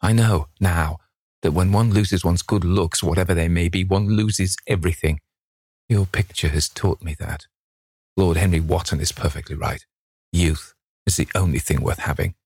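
A man's voice: low voice, steady tone, moderate pace, a little mellow, breathy edge, no room sound, studio quality. A man reading an audiobook and voicing a beautiful, vain young man who speaks emotionally and pleadingly. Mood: bitter.

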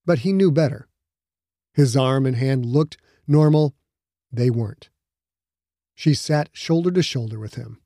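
Mellow male audiobook narrator. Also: mid-range voice, measured pace, long pauses, no room sound, studio quality. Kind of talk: scripted narration.

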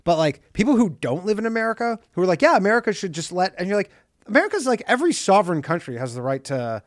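Guy on a podcast, high voice that jumps all over, swears a lot, does mocking little voices, dry close sound. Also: quick pace, no room sound. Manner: animated, profane, acts out quotes in mocking voices. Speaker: podcast co-host. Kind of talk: casual chat.

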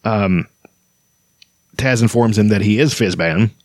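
A man reading a fantasy novel aloud in a relaxed way, stumbling now and then and breaking off for chatty asides. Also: lowish voice, measured pace, dry recording, studio quality. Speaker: reader.

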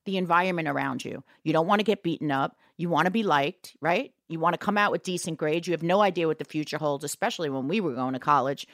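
A woman from New York speaks in a very low voice with a gravelly edge. She talks frankly and reflectively, calling her host "baby". The sound is dry and close. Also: fast, hardly any pauses, no room sound. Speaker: singer, guest. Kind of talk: candid casual conversation.

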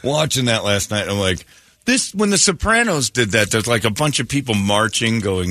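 A man hosts morning radio in a brash, joking banter. His pitch jumps around a lot, and his tone is bright and cutting. The studio sound is dry and close. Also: sing-song, moderate pace, no echo. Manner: brash, joking, slips into mock voices. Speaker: radio morning show host.

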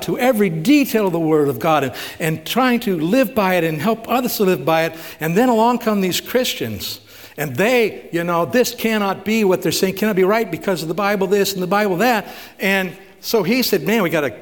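Man preaching in a reverberant church hall. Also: high voice. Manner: asks rhetorical questions, retells stories with emphasis. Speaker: pastor. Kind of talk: conversational sermon.

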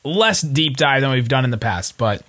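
A man hosting a casual sports podcast, joking and relaxed as he chats with his co-host. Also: medium pitch. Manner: joking, relaxed, quick asides.

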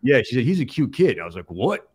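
A man playing a middle-aged tough-guy movie star who rambles in halting, mumbled restarts on a comedy show. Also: mid-range voice, big pitch swings, a little mellow, breathy edge. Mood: rambling. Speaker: comedy sketch host. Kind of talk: improvised comedy impression.

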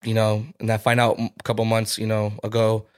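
A man's voice: fairly low pitch, completely flat delivery, brisk, smooth. Young man telling a personal story. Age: 20s. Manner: candid storytelling, heavy swearing. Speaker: podcast co-host. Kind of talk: casual chat.

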